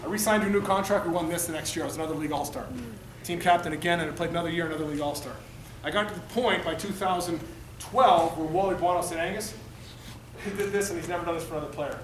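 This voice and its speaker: A former athlete in his thirties speaks to a room of students, rushing through his story with quick, lively energy. His voice sits high for a man and carries through a roomy hall. The mic is set back from him, and a faint ambient hum sits under the talk. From Canada. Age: 30s. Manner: animated, acts out quoted voices. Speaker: motivational speaker. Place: high school gym or auditorium. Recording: echoey hall, mic at a distance.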